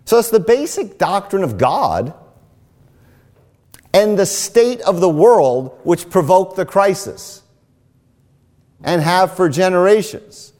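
Older male pastor preaching with a lively voice. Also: sits high, in a large hall. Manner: emphatic, deliberate, repeats key phrases. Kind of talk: sermon.

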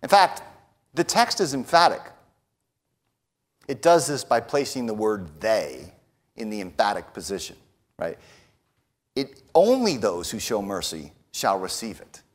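A man preaching a sermon who often tags his points with a quick question and swings between hushed lines and raised declarations. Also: on the low side, very animated. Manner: emphatic, often adds a tag question "right?".

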